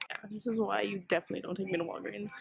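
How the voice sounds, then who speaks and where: A young woman vlogging casually, excitable and swearing a lot as she rants quickly. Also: medium pitch, vocal fry, noisy background. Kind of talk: casual vlog chat. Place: in a parked car in Texas heat.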